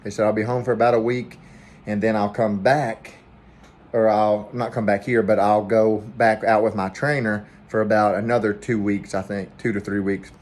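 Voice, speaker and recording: A man with a Southern US accent, talking quietly and rambling in a casual vlog from a hotel room. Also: on the low side, flat delivery, moderate pace. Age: adult, family man with kids. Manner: rambling, hushed so neighbors won't hear. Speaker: vlogger, trucking trainee.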